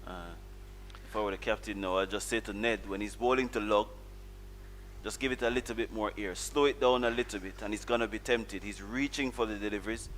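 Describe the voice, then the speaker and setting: Measured Caribbean male cricket analyst. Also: fairly low pitch, steady tone, a bit bright, slight background noise. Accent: Caribbean English. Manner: measured, explains tactics. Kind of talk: live colour commentary.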